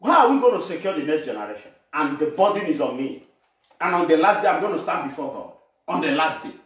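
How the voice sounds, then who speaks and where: A man from Nigeria preaching a sermon with animation, shouting and laughing as he addresses the congregation. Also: on the high side, very animated, quick pace. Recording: echoey room, voice from far off.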